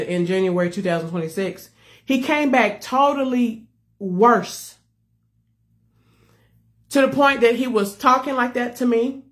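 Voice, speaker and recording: Woman, kinda high voice, pouring out a personal testimony to followers, earnest, keeps repeating herself. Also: fairly bright tone. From United States. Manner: earnest, repetitive, addresses viewers directly. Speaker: ministry leader.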